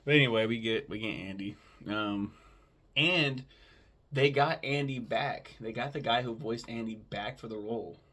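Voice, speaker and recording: A man's voice: medium pitch, normal speed, fairly bright tone. A man casually recapping a movie plot in a rambling way, with lots of filler words and swearing. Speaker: film podcast host.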